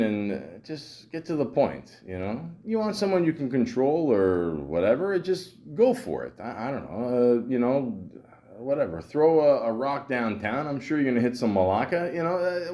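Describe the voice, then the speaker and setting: A man's voice: mid-range voice, darkish tone. A man hosting a podcast, telling a story in a casual, rambling monologue full of fillers, stammers and sarcastic asides. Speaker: podcast host.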